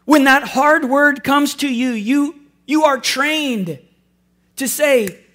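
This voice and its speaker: A man's voice: extremely high pitch, takes it slowly, pushed and bright. A man preaching as a pastor, earnest and conversational, with wry self-deprecating asides. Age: adult with school-age children. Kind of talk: sermon.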